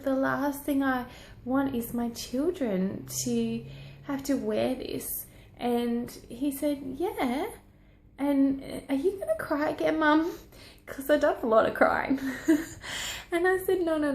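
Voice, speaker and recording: A woman's voice: on the high side, darkish tone, echoey room, slight background noise. A woman, talking earnestly into a phone held at arm's length, rambling and encouraging herself and her audience. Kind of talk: personal selfie video talk.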